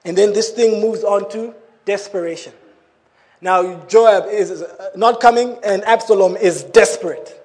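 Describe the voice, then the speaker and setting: A man delivers a sermon in a strikingly high voice. He talks in an animated way and keeps breaking into laughing asides. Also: a little slow. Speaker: preacher.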